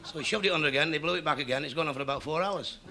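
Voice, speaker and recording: A man's voice: fairly high pitch, very fast, a crowd in the background. A man telling short stand-up jokes, acting out the lines of the people in them. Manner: short punchy one-liner jokes with quoted voices. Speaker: stand-up comedian.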